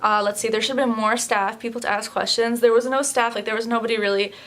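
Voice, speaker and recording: Young woman, casual vlog chat, slightly high voice, filler-heavy and candid. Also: steady tone, fast, fairly bright tone. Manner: chatty, lots of fillers, candid and tired. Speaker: beauty vlogger.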